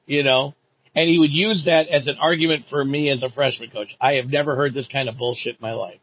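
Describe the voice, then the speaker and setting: A man's voice: mid-range voice, a little fast, breathy edge. A middle-aged man, a former coach, in an indignant, profane and sarcastic rant about a rival. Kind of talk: ranting monologue. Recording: dull lo-fi recording.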